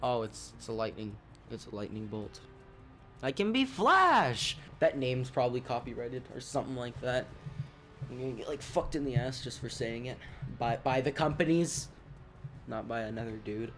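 A man giving casual gameplay commentary, rambling and swearing, with sudden loud outbursts. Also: medium pitch, fairly even intonation, normal speed, soft background music. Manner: profane, rambling, jumpy outbursts. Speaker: gaming YouTuber.

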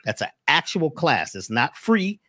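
A man's voice: on the high side, big pitch swings, unhurried, pushed and bright, no echo, studio quality. A man speaking as a guest, telling a motivational story in a preachy, emphatic way.

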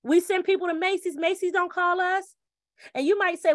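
A woman delivers a lively sales presentation in a very high, bright voice. The recording is dry and close. She acts out quick back-and-forth scenes and repeats her catchphrases. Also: dry recording. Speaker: presenter pitching a referral program. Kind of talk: energetic sales pitch.

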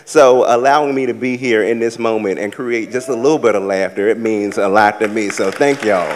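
A man from the American South doing a live stand-up set, with sassy, campy storytelling and loud acted-out asides. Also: on the low side, a little fast, big-room sound, some chatter behind, slight background noise. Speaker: stand-up comedian. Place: large theater stage with a live audience.

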